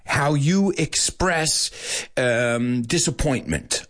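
A man's voice: mid-range voice, takes it slowly. A middle-aged American man hosting a radio show in a playful, chatty way for Spanish-speaking listeners. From United States. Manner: animated, playful, mixes Spanish in. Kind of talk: casual chat to Spanish-speaking learners.

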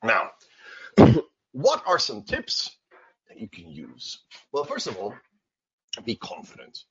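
A man teaching to Spanish speakers in a seminar talk, animated and emphatic, often checking in with "okay?" and "right?". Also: medium pitch, slow, slightly rough. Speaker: English teacher. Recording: dull lo-fi recording.

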